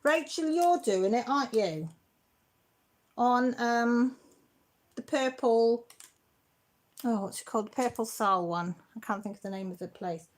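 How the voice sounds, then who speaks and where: A woman chats casually on a live stream from her craft table at home. Her voice sits a little high, and she talks in a chatty, warm-hearted way that is emotional and close to tears. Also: lively intonation, unhurried, long pauses. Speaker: craft channel host.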